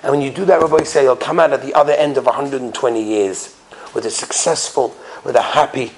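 A man's voice: mid-range voice, steady tone, brisk, a little hiss or hum. A man who is a rabbi, telling stories in a sermon. He acts out the people in his stories and repeats phrases for emphasis. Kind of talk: storytelling sermon.

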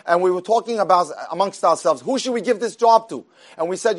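A man's voice: sits high, a little fast. A man retelling an inspirational story in a conversational way, acting out the characters' lines and often restarting his sentences. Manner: animated, acts out the characters' dialogue; conversational, with frequent restarts and repeated words.

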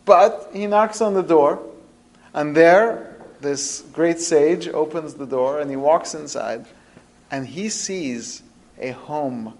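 A man teaching a religious lesson through storytelling, with expressive, dramatic shifts in pitch and loudness. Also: slow pace. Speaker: rabbi teaching a podcast lesson.

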